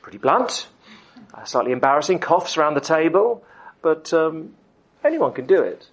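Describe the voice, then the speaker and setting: A middle-aged man preaching a sermon, emphatic, with dramatic pauses. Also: a little high, sing-song. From United Kingdom.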